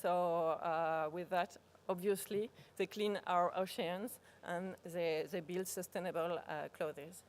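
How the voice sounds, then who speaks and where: A woman with a French accent, a native French speaker, giving a live workshop presentation, pausing often to search for words and restarting phrases. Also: on the low side, steady tone. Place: conference workshop room.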